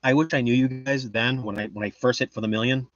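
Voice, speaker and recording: A man's voice: medium pitch, fairly even intonation, quick pace, no echo, muffled recording. A man chatting casually on a livestream, reading the chat and rambling in a boastful, joking way. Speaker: livestream host.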